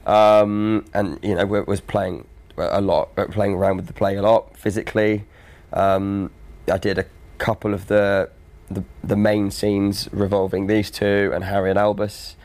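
A man in his twenties, an actor guest, recounting events in a measured way with many fillers. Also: lowish voice, level tone, a little mellow. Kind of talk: casual interview chat.

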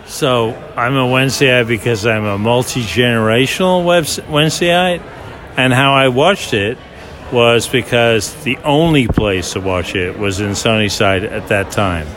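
A man's voice: medium pitch, unhurried, a bit bright. A man born in England who speaks with an American accent, answering questions in a dry, laconic way. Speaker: interviewed fan. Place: busy bar. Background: crowd chatter.

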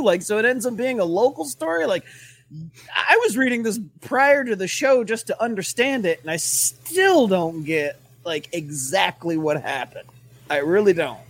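High-voiced man, lively pitch; blunt, swearing hockey talk co-host. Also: slightly rough, no echo. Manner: blunt, swears, laughs often. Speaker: sports co-host. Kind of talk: casual sports banter.

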